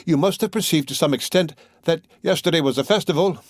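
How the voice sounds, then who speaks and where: A man's voice: fairly high pitch, quick pace, dry recording, studio quality, pitched above the performer's own voice, close to an everyday voice. A man doing a kindly, coaxing woman. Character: kindly, simple, charitable woman.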